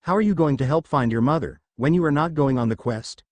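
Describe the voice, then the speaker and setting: A tough young woman spells things out slowly, clearly exasperated, put on by a man reading. The sound is close and dry. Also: fairly high pitch, a little mellow, dry recording, lightly acted. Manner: slow and exasperated.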